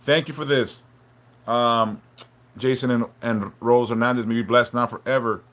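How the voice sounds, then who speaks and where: A man hosting a live stream, talking haltingly and emotionally, stumbling and repeating words, swearing a lot and apologizing for opening up. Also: medium pitch, steady tone, a bit bright. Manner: apologetic and openly vulnerable. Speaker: livestream host reading chat.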